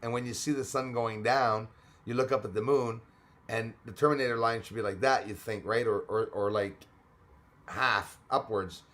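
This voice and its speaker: A man's voice: medium pitch, fairly even intonation, moderate pace, a bit bright. A middle-aged man chats casually on a live stream. He reads viewer names and comments aloud and fills gaps with "uh" and "um". Now and then a small cough breaks in. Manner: chatty, reads out viewer comments, frequent fillers. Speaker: livestream host.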